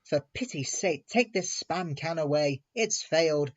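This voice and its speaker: A man doing a gruff bossy signalman. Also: on the high side, expressive, measured pace, lo-fi sound, a little hiss or hum. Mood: snappy. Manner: snappy and gruff.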